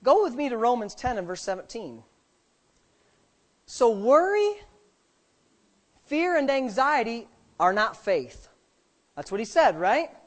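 Animated preacher with lively swinging pitch. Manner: asks the congregation repeated rhetorical questions; swings from quiet asides to loud, drawn-out emphasis. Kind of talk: sermon.

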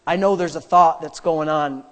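High-voiced emphatic male pastor preaching. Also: normal speed. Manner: emphatic preaching with repetition, dropping to quiet prayer. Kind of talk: sermon.

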